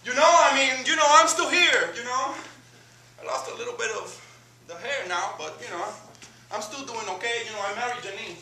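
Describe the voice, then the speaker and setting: Actor doing a gushing, paunchy old buddy, high and excited, roomy stage from a distance. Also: male voice, normal speed, heavily acted. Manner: gushing, repeats "bro" and "man". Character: excited old friend, bald paunchy man. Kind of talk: stage monologue. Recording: roomy stage taped from afar, noisy.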